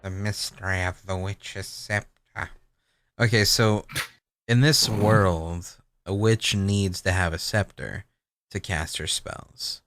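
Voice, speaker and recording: A man's voice: low voice, steady tone, slow pace, fairly bright tone, dry recording. A man hosting a let's play, chatting in a playful, joking way. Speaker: host. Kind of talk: casual let's-play chat.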